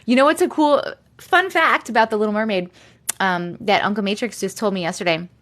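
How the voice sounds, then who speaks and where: A woman with a Long Island accent, chatting casually on a livestream and reading viewer comments, talking in a chatty, animated way full of giggles. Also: mid-range voice, fairly quick. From Long Island, New York. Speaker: livestream host.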